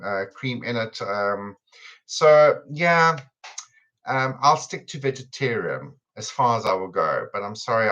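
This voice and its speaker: A man's voice: on the low side, a bit bright, highs cut off. A man with a South African accent hosting a live cooking stream in a chatty, teasing way, laughing often. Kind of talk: casual chat on a livestream. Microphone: computer camera on a video stream.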